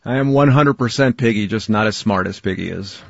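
Husky middle-aged man interviewing. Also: lowish voice, fairly quick, no echo. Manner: earnest, searching for words. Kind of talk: interview questions. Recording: dull, dry, lo-fi sound.

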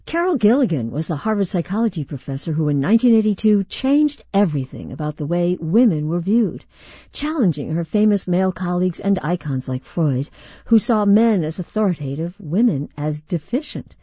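A woman hosting a radio show, reading a scripted introduction with emphatic, dramatic pauses. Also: fairly low pitch, big pitch swings, dark tone, breathy edge, no room sound. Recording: slightly muffled broadcast audio.

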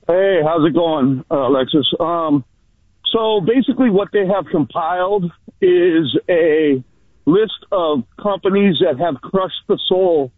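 A man phones in from outside where he is working, still out of breath. His voice sits high, and he talks in a blunt, bitter way full of ums. The call sounds dry and tinny, like a thin phone line. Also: a little slow, no room sound. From San Francisco Bay Area. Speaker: caller. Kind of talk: call-in radio comment. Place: outdoors at work.

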